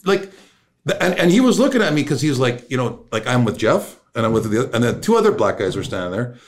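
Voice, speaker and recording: A Canadian-accented man tells a story on a podcast, swearing freely and acting out each character. His pitch swings widely as he talks, from low mutters to high bursts, around a middle register. It is casual, loose chat. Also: fast. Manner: profane, animated storyteller who acts out the people in his story. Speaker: podcast guest. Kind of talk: casual anecdote telling.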